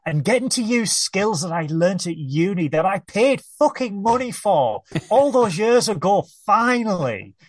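A man's voice: high voice, big pitch swings, unhurried, few pauses. A man speaking earnestly in a casual group chat, thanking people and shying from praise. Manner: earnest, softening, embarrassed by praise. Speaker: guest.

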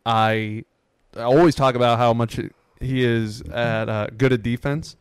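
Smooth-voiced young man telling stories. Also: mid-range voice, a little slow, dry recording, studio quality. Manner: excited, rambling with fillers. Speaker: podcast co-host. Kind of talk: casual storytelling chat.

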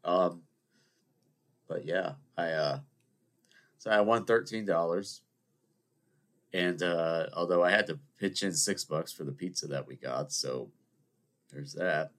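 A man hosting a podcast, talking in a rambling, jokey monologue full of fillers and restarts, sometimes bursting into high exclaimed imitations. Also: slow, long pauses. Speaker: podcast host. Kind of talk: casual monologue.

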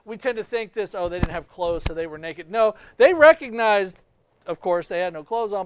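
A man preaching a sermon as pastor, emphatic, with big swings in pitch and loudness. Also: clear, resonant tone, no echo, clean studio sound.

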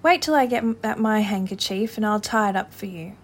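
A woman voicing an excitable, bossy male water rat in a storybook reading. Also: mid-range voice, a little fast, husky, lightly acted. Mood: kindly.

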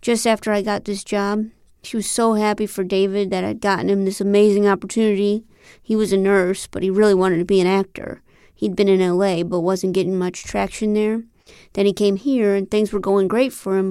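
A woman's voice: medium pitch, normal speed, clear, resonant tone, dry recording, clean studio sound, lightly acted. A woman reading an audiobook, voicing a friendly, earnest man in his thirties who talks in an eager, chatty way. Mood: rueful. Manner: chatty, eager, animated outbursts. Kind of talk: audiobook character voice.

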